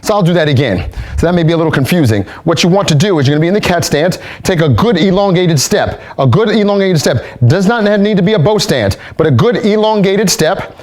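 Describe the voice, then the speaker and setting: A man instructing kung fu movement drills, explaining steps calmly and barking out counts while demonstrating. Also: high-pitched, fairly quick, few pauses.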